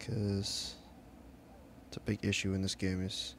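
A young man talks through a video game in a laid-back, chatty way, swearing now and then. His voice has a gravelly creak, and he speaks at an unhurried pace. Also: sits low, monotone, a little hiss or hum. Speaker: let's play host. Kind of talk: casual gameplay commentary.

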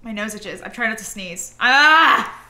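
A woman's voice: fairly high pitch, animated, a little slow, bright, forceful tone. A young woman streaming live, chatting casually to her viewers in a giggly, rambling way. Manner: giggly, rambling, talks to chat.

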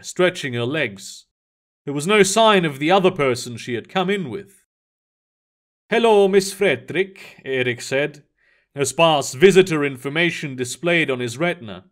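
A man narrating a sci-fi story aloud in an expressive reading style. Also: a little high.

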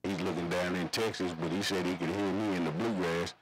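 A man's voice: sits low, steady tone, a little fast, poor audio. A man chatting over CB radio, rambling in slangy, repetitive radio lingo. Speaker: CB radio operator.

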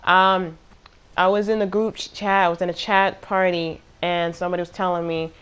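Woman talking over her game clips, kinda low voice, rambly and fed up, chatty. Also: little pitch movement, normal speed, a bit bright, clear, resonant tone. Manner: chatty, exasperated, rambling with fillers. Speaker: gaming channel host. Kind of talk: casual gameplay commentary.

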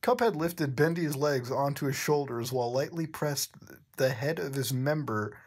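Husky man doing a mocking dramatic reading. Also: fairly high pitch, moderate pace. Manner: incredulous, swearing asides. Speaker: gaming channel host.

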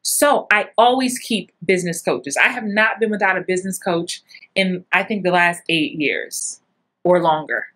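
A middle-aged woman giving casual advice as an acting coach, animated and full of acted-out asides. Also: normal speed. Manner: animated, acts out little scenes with big jumps in pitch.

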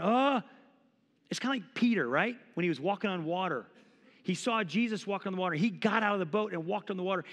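A man's voice: high-pitched, in a large hall. A man in his forties preaching a sermon as pastor, impassioned and conversational, acting out quotes. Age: 40s. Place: church sanctuary.

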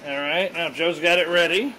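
A man hosting a casual family cooking vlog in a kitchen, talking in excited, jokey show-host banter into a handheld camera mic. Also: fairly high pitch, moderate pace, a little hiss or hum, low-quality recording.

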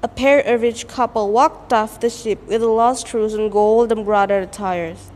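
Slow expressive girl telling a folktale. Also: fairly high pitch. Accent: American-style English. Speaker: student storyteller. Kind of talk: folktale storytelling performance. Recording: echoey hall, faint noise.

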